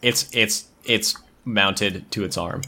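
A man with a lowish, bright, sharp voice running an opponent at a tabletop game. He rattles off moves and rulings with a bantering edge. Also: slow pace. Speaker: co-game master. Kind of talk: casual tabletop game chat.

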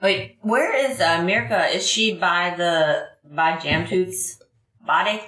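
A woman's voice: fairly low pitch, slow pace, a bit bright. Woman, casual chatty tone, roomy echo. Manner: casual, chatty, laughing asides. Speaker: player.

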